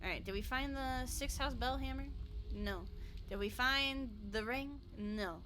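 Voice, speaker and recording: This young adult streamer speaks in a high, unhurried voice against background noise while playing a game. Her live chat is bubbly and casual, with frequent laughter and offhand swearing.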